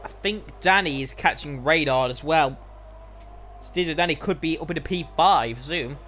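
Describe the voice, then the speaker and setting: A man calls a sim racing league live, with a bright, forceful voice pitched a little high. He gets excited and climbs higher during close battles. Faint music plays behind him. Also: moderate pace. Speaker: lead commentator for an online sim racing league. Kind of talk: live race commentary.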